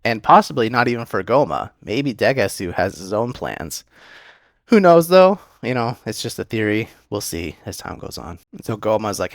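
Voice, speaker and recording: A man's voice: lowish voice, sing-song, moderate pace, no room sound, studio quality. A young man casually recapping and reviewing an anime episode in a rambling, conversational way with many fillers.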